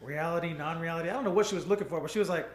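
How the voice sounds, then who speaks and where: A man's voice: on the high side, very fast. A young man co-hosting a podcast, telling a story animatedly, laughing often and acting out what people said. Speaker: co-host. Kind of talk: casual podcast chat. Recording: echoey room.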